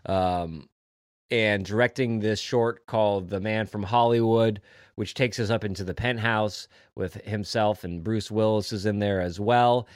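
A man's voice: on the low side, fairly even intonation, a little slow, dry recording, clean studio sound. Enthusiastic man chatting about films. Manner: rambling, enthusiastic, swearing. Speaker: podcast co-host. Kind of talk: casual film discussion.

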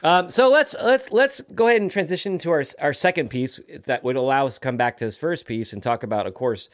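A man's voice: on the high side, brisk. A man co-hosting a podcast in casual chat, rambling and correcting himself as he talks. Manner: rambling, self-correcting, acts out quotes. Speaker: podcast co-host.

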